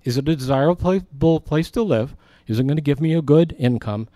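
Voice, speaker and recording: Speaking fairly high and fairly quickly with no room sound, a middle-aged pastor preaches a sermon. He tells a story animatedly, acting out the people he quotes.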